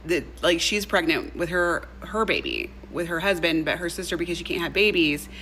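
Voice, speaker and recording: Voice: medium pitch, very animated, normal speed, sharp tone, a little hiss or hum, poor audio. A speaker from a played clip retelling a story in a chatty, gossipy way. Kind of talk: casual storytime.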